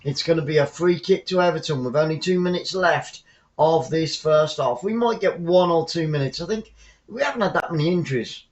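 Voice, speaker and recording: A man calls a football match for his fan stream from home, wandering into chatty asides and getting excited when there's a chance on goal. His voice sits a touch high. The home recording is dull and lo-fi. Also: fairly quick. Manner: chatty, rambling asides between excitable play-by-play. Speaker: fan commentator hosting a live stream. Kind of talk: casual live football commentary. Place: at home, watching the match remotely.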